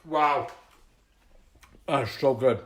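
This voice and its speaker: Excitable bright-voiced man cooking at home. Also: medium pitch, drawn-out words, echoey room. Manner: excitable, exclaiming and laughing often. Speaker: home cooking show host. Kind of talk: casual cooking livestream chat. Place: home kitchen.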